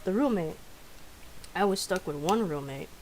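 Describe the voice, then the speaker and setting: A woman's voice: lowish voice, expressive, normal speed, a little mellow, slight background noise, poor audio. A young woman telling stories casually on a live stream, chatty and profane, laughing often.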